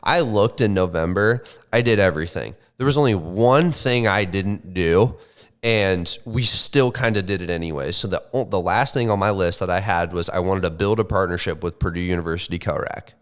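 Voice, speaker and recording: Young man, casual podcast chat, slangy, swears a lot, somewhat low voice. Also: normal speed, clear, resonant tone. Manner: animated, swears often, says like and bro. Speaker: podcast co-host.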